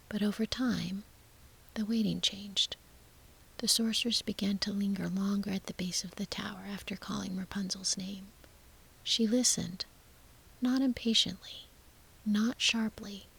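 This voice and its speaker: Female storyteller, whispered sleep-story narration; hushed, soothing, heavy fry and breath in the voice. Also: mid-range voice.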